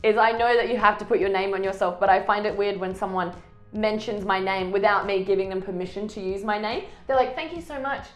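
A woman's voice: mid-range voice, steady tone, brisk. A woman co-hosting a casual chat show. She tells stories with animation and acts out what other people said. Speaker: podcast co-host. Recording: echoey room, faint music.

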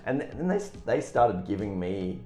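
A man's voice: on the low side, expressive, moderate pace, darkish tone. A man telling a rambling, self-deprecating story in casual chat, with many restarts. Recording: echoey room with faint music.

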